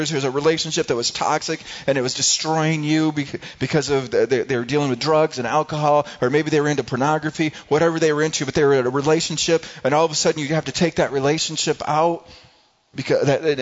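Conversational preacher man, lo-fi sound. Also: a little high. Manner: conversational, repeats words often, acts out quoted voices. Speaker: pastor. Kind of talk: sermon. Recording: slightly dull, lo-fi sound.

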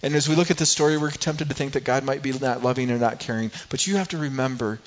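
A man's voice: medium pitch, fast talker, dull audio. A man preaching a sermon as a pastor, earnest and asking rhetorical questions.

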